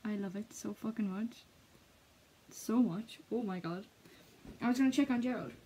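A young woman chatting casually to the camera, excitable and giggly, slipping between bubbly chatter and hushed asides. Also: mid-range voice, normal speed, a little hiss or hum, poor audio. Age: young adult. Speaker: art student vlogger.

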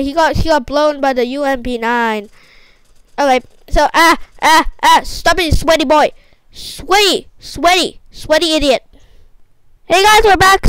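A young woman commentating her own gameplay, excitable and repetitive, often exclaiming. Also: sits high, dry recording, poor audio. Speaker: gaming YouTuber.

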